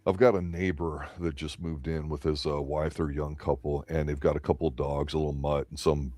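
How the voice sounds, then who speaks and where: Guy with a really low voice just chatting, dry close sound, easygoing storyteller. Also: flat delivery, brisk, mellow, dry recording. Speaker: podcast co-host. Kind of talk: casual chat.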